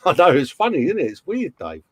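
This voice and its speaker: Bloke hosting a livestream, chatty and jokey, says mate a lot. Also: male voice, a little high, wildly swooping pitch, normal speed, no echo. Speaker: livestream host. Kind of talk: casual chat reading out live comments.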